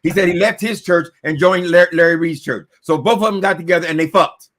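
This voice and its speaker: A man's voice: sits high, fairly quick, fairly bright tone. A man speaking as a guest on a casual live chat, sarcastic and heated, swearing freely.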